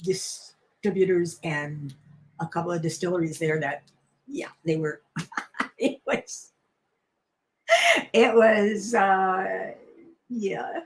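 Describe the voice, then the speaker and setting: A middle-aged woman hosts a casual live stream for a crafting channel, speaking in a lowish voice at a slow pace with long pauses. She chats in a rambling way, full of fillers and restarts.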